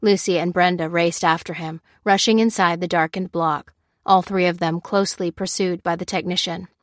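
Reading a scripted story, this woman keeps a fairly low pitch and moderate tempo in a calm, even storytelling style. There's no echo, and the sound is studio quality.

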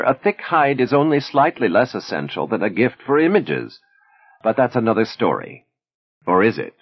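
Man voicing a defiant Soviet woman poet, dry irony, husky, swooping intonation, muffled lo-fi sound. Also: fairly low pitch, pitched above the performer's own voice, heavily acted. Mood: wry. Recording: dull lo-fi recording.

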